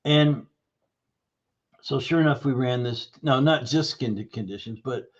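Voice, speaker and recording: A man guest on a health podcast, telling a patient story with animated acted-out dialogue. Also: mid-range voice, measured pace, lo-fi sound. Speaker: guest, nutrition practitioner. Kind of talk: storytelling interview answer.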